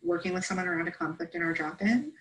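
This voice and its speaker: A woman's voice: on the low side, quick pace, fairly bright tone, rough recording. A woman presenting a training session, explaining steps in an instructive way and checking in with "right?" often.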